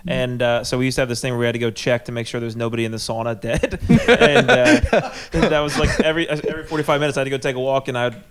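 A man's voice: medium pitch, quick pace, crowd noise. A young man co-hosting a podcast, trading crude banter in casual chat with frequent laughter. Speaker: podcast co-host.

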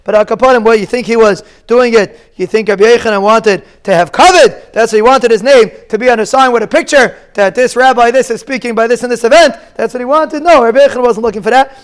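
A man teaching a daily Talmud lesson in a strikingly high, smooth and clear voice. He reads each line and explains it casually, stopping to ask his listeners rhetorical questions. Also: fast talker, few pauses.

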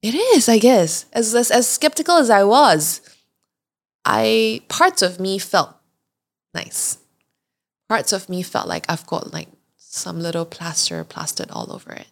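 With a measured pace, big swings in pitch, and some vocal fry in her mid-range voice, a young woman hosting a podcast shares a candid story. Her manner is chatty and confessional, and she often acts out how she reacted.

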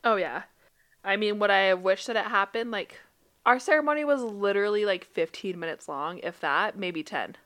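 Laughing frequently, a young podcast co-host from Utah tells stories in lively casual conversation, her pitch shooting up in quick bursts.

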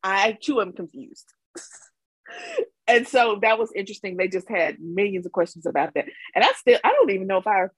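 Chatty Mississippi woman, podcast guest, slightly husky, dry and close. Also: mid-range voice, sing-song, brisk, no echo, rough recording. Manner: chatty storyteller, laughs often. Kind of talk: casual chat.

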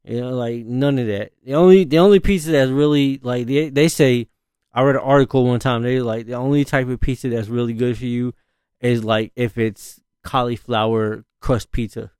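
A man's voice: mid-range voice, steady tone, normal speed, darkish tone, smooth, no echo, clean studio sound. A man in his thirties, a father, rambling through a casual story, full of fillers and slang. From northern US. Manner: laid-back, rambling, frequent fillers and slang, laughs often.

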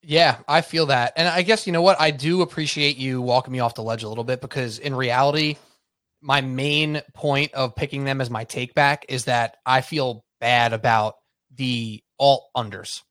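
A man co-hosting a sports podcast, chatting casually and telling rambling, animated stories. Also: mid-range voice, normal speed, no room sound. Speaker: podcast co-host.

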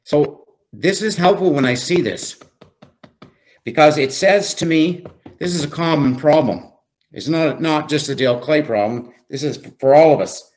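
A man leading a faith-based recovery group, teaching slowly and reflectively, often repeating phrases for emphasis. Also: a little high, a little mellow. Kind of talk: devotional teaching.

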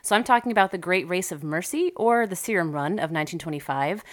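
A woman co-hosting a podcast, telling a story and quizzing her co-hosts in a relaxed, casual way. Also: on the low side, fast. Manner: relaxed storyteller, laughs easily. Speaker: podcast co-host. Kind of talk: casual chat.

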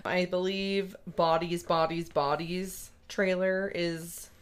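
A woman co-hosting a casual movie podcast, relaxed and quick to laugh. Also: on the low side, clear, resonant tone. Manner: laid-back, laughs often. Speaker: podcast co-host. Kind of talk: casual chat.

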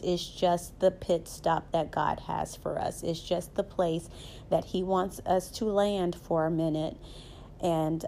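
A Southern US woman hosts a faith-based motivational podcast, sharing personal stories chattily and often asking "right?" to check in with listeners. Her voice is lowish, a bit mellow, with vocal fry and slight hiss or hum.

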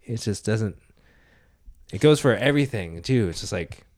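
A man's voice: on the low side, lively intonation, normal speed, a little mellow, no echo. A young man hosting a casual podcast chat, swearing freely and often asking "right?". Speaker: podcast host.

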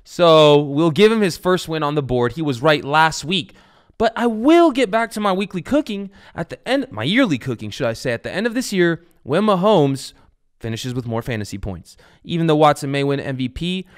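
A man's voice: medium pitch, clear, resonant tone. A young man hosting a fantasy football show, rambling casually and swearing now and then. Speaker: podcast host.

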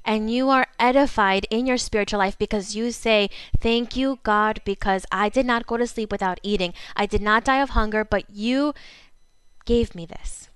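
A woman preaching with fervor, her voice pitched a little high and smooth in tone. Her first language is Spanish. She slows down to stress key words, and the recording is close and dry. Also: dry recording. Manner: fervent preaching, slows for emphasis. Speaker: pastor. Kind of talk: sermon.

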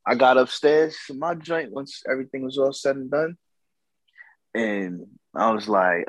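A man's voice: medium pitch, measured pace, no room sound, low-quality recording. A man telling a casual story about a night out, slangy and profane, acting out what others said.

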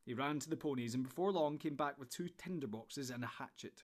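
A man reading a storybook in steady, measured narration. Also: mid-range voice. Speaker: audiobook narrator.

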